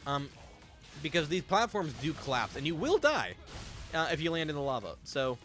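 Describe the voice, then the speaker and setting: A man's voice: a little high, very animated, normal speed, fairly bright tone, faint music behind. A young man chatting casually while streaming a game, rambling and swearing freely. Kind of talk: casual gameplay commentary.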